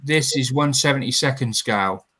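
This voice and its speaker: Hesitant man with a bright, tense voice. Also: mid-range voice, breathy edge. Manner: hesitant, halting, full of fillers. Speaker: guest model builder. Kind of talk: casual chat.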